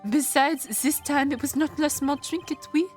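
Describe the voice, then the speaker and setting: A woman's voice: steady tone, normal speed, soft background music, natural voice. A woman voicing a flamboyant, theatrical French man with an exaggerated put-on French accent, reading a visual novel aloud. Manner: exaggerated, sing-song, shrill exclamations.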